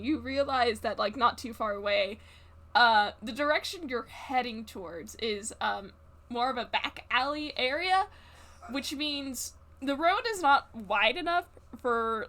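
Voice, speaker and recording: A woman narrating as game master of a tabletop role-play, halting with many fillers and restarts. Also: on the high side, fairly bright tone.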